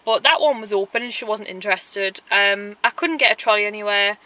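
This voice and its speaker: A woman's voice: medium pitch, a little fast. A young woman chatting casually to camera in a vlog, telling stories with lots of "like" and acting out what people said. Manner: animated storytelling, acts out quotes, lots of "like". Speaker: vlogger.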